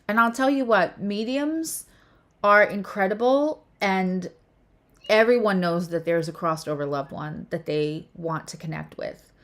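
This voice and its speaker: A woman astrologer and tarot reader hosting a casual spiritual chat, talking with animated emphasis and often restarting her phrases. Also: medium pitch, a little slow.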